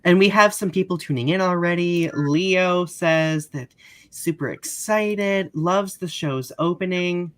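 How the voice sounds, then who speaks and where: A man's voice: sits high, unhurried, fairly bright tone, clean tone. A man hosting a casual podcast over a video call, chatty, laughing often and trailing off mid-sentence. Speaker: podcast host. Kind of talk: casual chat.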